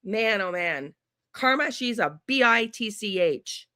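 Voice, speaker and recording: A woman's voice: medium pitch, lively intonation, a little slow, pushed and bright, no room sound, studio quality. Angry swearing woman ranting to camera. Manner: heated, blunt, sarcastic, swears often. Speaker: true crime channel host. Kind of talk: angry profane rant to camera.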